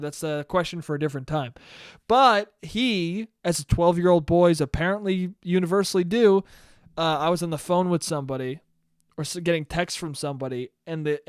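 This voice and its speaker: Young guy rambling on his podcast, swears a lot, makes fun of himself, smooth clear voice, dry sound. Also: fairly high pitch, dry recording. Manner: rambling, self-deprecating, swears freely. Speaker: podcast host. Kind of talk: casual solo monologue.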